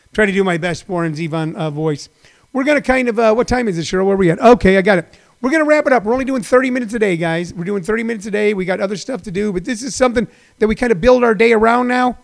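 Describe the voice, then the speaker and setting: A man's voice: high voice, vocal fry. A man in his sixties, a comedian hosting his own daily online show, rambling and repeating himself with lots of fillers, in a folksy, encouraging way. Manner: rambling and repetitive, with many fillers. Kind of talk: rambling livestream monologue.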